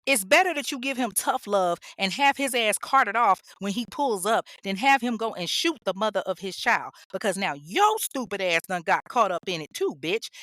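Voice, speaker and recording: A woman's voice: medium pitch, a bit bright, no echo, clean studio sound. A woman hosting a true crime podcast, ranting bluntly and scolding with heavy profanity. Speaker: podcast host.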